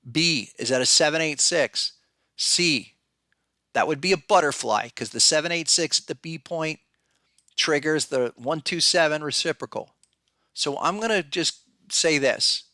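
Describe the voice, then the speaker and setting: A man's voice: on the high side, pushed and bright, no echo, studio quality. A man hosting a podcast, giving blunt, conversational market commentary and thinking aloud with frequent restarts. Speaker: podcast host and market analyst.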